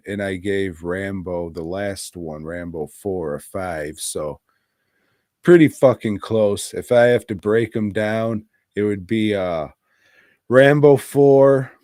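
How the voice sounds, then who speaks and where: Brief: profane, rambling male podcast co-host, slow delivery, dry sound. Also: lowish voice, a little mellow, no echo. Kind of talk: casual movie review chat.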